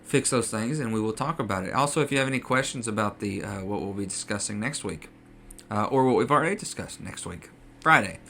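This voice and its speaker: A man's voice: fairly low pitch, a little fast, pushed and bright, slight background noise. A man co-hosting a casual podcast, chatty and full of ums and uhs. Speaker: podcast co-host.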